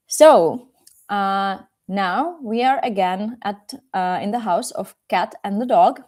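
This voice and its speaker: Chatty woman teacher with a mellow voice. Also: mid-range voice, slow. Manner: casual and chatty, with frequent fillers. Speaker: Czech teacher. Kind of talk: live storybook reading lesson.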